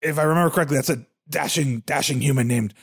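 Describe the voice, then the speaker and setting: A man's voice: on the high side, quick pace, husky. A man playing in a tabletop game, talking in a goofy, rambling way. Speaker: player. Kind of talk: casual tabletop game chat.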